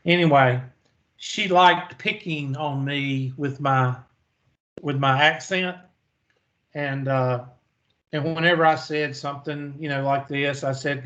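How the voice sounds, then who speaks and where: A man's voice: medium pitch, fairly even intonation, measured pace, fairly bright tone, muffled recording. A man teaching a math lecture in a folksy manner, asking the class questions and answering them himself. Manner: folksy, storytelling, asks and answers own questions. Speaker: math instructor.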